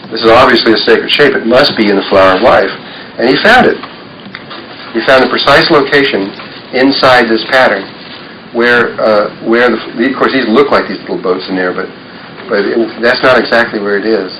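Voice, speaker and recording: A man's voice: medium pitch, moderate pace, pushed and bright, a little hiss or hum, low-quality recording. A man giving a rambling lecture at a workshop, explaining drawings as he goes. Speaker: workshop speaker. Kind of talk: lecture talk.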